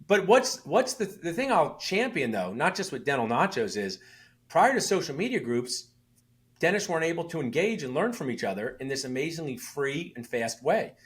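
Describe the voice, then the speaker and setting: Animated, emphatic man telling stories. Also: on the high side, moderate pace. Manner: animated, emphatic, tells stories with voiced asides. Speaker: podcast guest, founder of an online dentist community. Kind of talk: casual interview talk.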